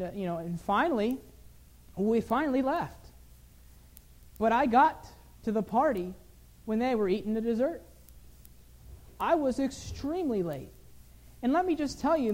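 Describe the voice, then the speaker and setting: A man delivers a sermon in an earnest, personal storytelling manner. His voice is mellow and warm rather than bright. He lifts his pitch and presses harder whenever he drives a point home. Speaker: preacher.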